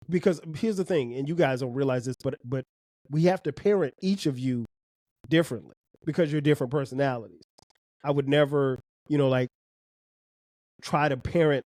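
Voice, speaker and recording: Earnest middle-aged father, mellow voice. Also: medium pitch, no room sound, studio quality. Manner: earnest, many restarts and repeated words. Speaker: podcast host and father. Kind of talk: reflective casual talk.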